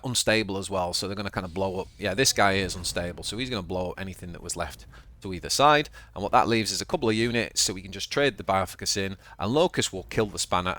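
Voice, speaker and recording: A man's voice: fairly low pitch, fairly bright tone. A man with a Yorkshire accent giving casual, chatty commentary on his own card game as he plays, thinking aloud and often stumbling over and repeating words. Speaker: channel host and card game player.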